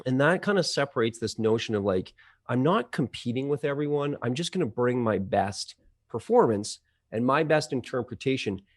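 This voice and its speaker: A man's voice: medium pitch, normal speed. Chatty man explaining with many fillers. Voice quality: trained audio engineer. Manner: animated explainer, lots of fillers and restarts. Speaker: CEO of a voice-over marketplace, guest. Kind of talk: conversational interview.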